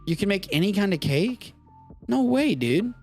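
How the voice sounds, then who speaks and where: A young man hosts a live stream with loose, animated banter and plenty of cursing. His voice sits a little on the high side, and faint music plays quietly behind him. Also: moderate pace. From Texas. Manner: profane, animated riffing. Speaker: host of a live streamed show. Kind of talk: casual live-stream chat.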